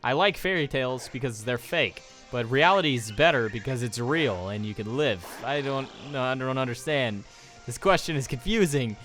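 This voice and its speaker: Commenting on his gameplay in a let's play, a young man jokes and rambles as he goes, reading the game's text out loud. He speaks at normal speed in an expressive, mid-range voice with a fairly bright tone, while game music plays faintly behind him.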